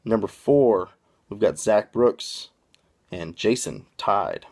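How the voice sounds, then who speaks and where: A man with a lowish voice hosts a relaxed wrestling chat show. He talks slowly and loosely, rambling and filling gaps with ums as he works through a list. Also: gravelly. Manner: laid-back, rambling with frequent ums. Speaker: podcast host. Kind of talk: casual wrestling talk show.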